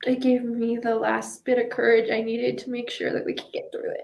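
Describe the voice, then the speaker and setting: A woman's voice: a little high, completely flat delivery, moderate pace, gravelly, highs cut off. A woman guest in an interview, steadily recounting a personal memory. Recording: roomy echoing room audio.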